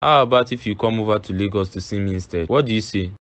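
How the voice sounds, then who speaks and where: A man's voice: fairly low pitch, fast, dry recording, lightly acted. A man voicing Zed, an easygoing man, in a cartoon, speaking reassuringly.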